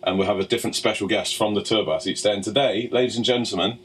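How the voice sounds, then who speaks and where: A man's voice: fairly low pitch, fairly even intonation, quick pace, a bit bright, slight background noise, rough recording. A man hosting a podcast in casual chat, joking and swearing freely. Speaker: podcast host.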